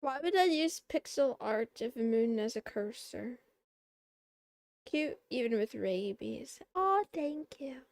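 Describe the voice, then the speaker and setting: A woman streamer chatting casually with her viewers in a soft, playful, giggly way. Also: on the high side, takes it slowly, vocal fry.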